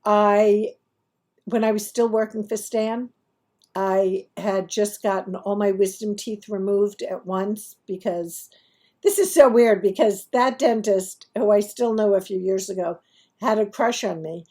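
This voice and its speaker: A woman's voice: medium pitch, a little slow, dark tone. A woman from Brooklyn with a New York accent, telling stories to her YouTube viewers from home in a chatty, digressive way with self-mocking asides. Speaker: YouTube host. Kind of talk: casual storytelling to camera.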